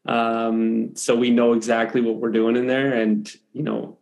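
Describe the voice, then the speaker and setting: A young adult man, a wrestler, chatting as a guest in a relaxed, easygoing way. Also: medium pitch, a little slow, gravelly. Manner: relaxed, easygoing, says "for sure" often. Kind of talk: casual interview chat.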